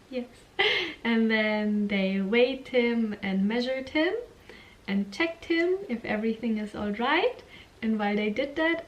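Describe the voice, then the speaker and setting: A young woman speaks slowly and candidly to camera in a casual vlog. Her voice sits a little high for a woman, and she breaks into frequent giggles while acting out the lines of people in her story. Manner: candid, giggly, acts out quotes. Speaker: vlogger.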